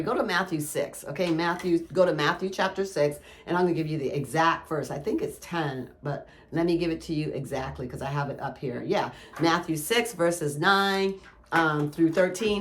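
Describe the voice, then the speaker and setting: A woman's voice: low voice, fairly bright tone. A middle-aged woman giving a casual devotional talk, telling stories in a chatty way and often asking "right?". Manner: chatty storytelling with frequent "right?" and "y'all". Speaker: Christian ministry speaker.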